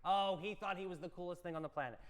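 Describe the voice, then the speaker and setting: A man's voice: high voice, quick pace. A man co-hosting a morning show, reading playful horoscopes and telling a funny story in an upbeat, theatrical way. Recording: long reverb.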